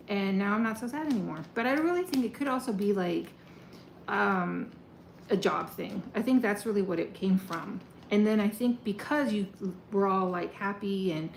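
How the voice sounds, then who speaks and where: A chatty woman reading tarot for her viewers, loose and excitable, muttering to herself as she handles the cards. Her voice sits mid-height, in an echoey room with a faint hum of ambient noise behind her. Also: mid-range voice. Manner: chatty, excitable, swears casually, talks to herself while shuffling. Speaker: tarot reader. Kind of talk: casual tarot reading to camera.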